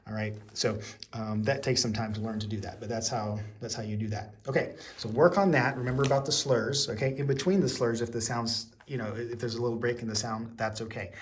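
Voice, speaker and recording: A man's voice: mid-range voice, fairly even intonation, brisk, a little hiss or hum. A man teaching an online music lesson, patiently explaining each step and checking in often.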